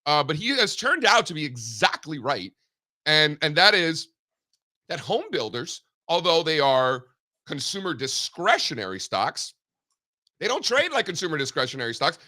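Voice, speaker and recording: A man co-hosting a casual market talk show over a video call, animated and joking, with lots of fillers. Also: fairly high pitch, moderate pace.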